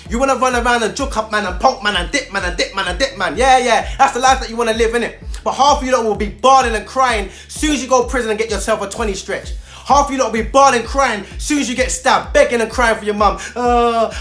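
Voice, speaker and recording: A man's voice: extremely high pitch, fairly bright tone. Man, youth mentor, direct-to-camera rant, fired-up, preachy, repetitive, faint background music. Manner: fired-up, preachy street talk, repeats himself for emphasis. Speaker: youth mentor speaking to young people.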